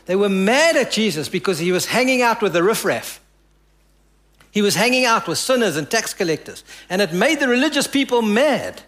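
A male pastor preaching a sermon, telling a story and dropping his voice low and soft for quoted lines.

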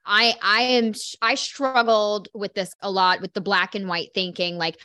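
A woman's voice: medium pitch, normal speed, few pauses, bright, forceful tone, clean tone, dry recording. Woman podcast host, reflective and thinking aloud, dry close sound. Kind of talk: conversational interview.

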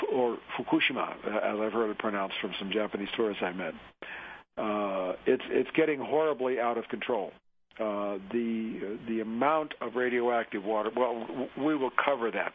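An earnest male radio host talks and reads news pieces aloud on air, often catching on fillers and restarting phrases. His voice comes through a narrow, tinny band as if from a phone line. A faint hiss sits under everything. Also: medium pitch. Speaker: radio talk show host. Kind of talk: live radio commentary, reading articles aloud.

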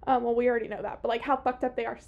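A woman's voice: on the high side, level tone, very fast, dull audio. A young woman hosting a podcast in casual chat, talkative and loose, full of fillers and swearing. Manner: chatty, swears, many fillers. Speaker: podcast host. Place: podcast room.

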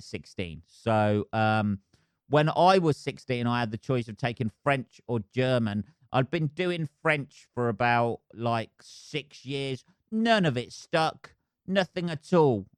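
A man's voice: medium pitch, smooth, no room sound. A man from England talking on his own podcast, rambling and swearing, mocking himself as he goes. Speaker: podcast host. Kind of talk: casual solo monologue.

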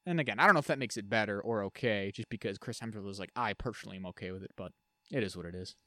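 Brief: quick, animated male podcast co-host, dry close mic. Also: lowish voice, dry recording. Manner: animated, jokey, trails off into muttering. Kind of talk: casual chat.

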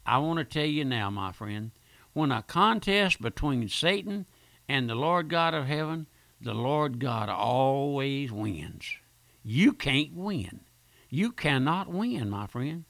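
Older guy preaching on the radio, bright edgy voice, keeps saying my friend. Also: medium pitch, vocal fry, no room sound. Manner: fervent, repetitive, calls listeners "my friend". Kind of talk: radio sermon.

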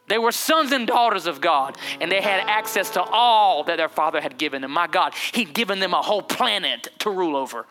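A man's voice: sits high, pushed and bright. A man who is a pastor, delivering an impassioned sermon in a church with repeated, rising phrases. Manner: impassioned, repetitive and rising preaching. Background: music.

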